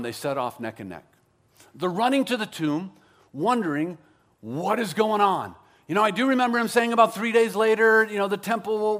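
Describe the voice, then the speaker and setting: A man's voice: high-pitched, a bit bright. A man preaching a sermon as pastor, conversational and joking, with self-deprecating asides.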